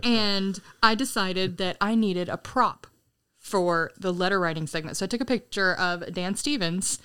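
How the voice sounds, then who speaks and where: A woman's voice: mid-range voice, normal speed, pushed and bright, clean tone. A young adult woman co-hosting a podcast, telling stories in casual chat, laughing often and swearing freely. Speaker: podcast co-host.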